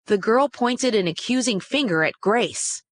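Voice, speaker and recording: A woman reading a children's story aloud in a steady, expressive way. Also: on the high side, measured pace, no echo. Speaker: storybook reader.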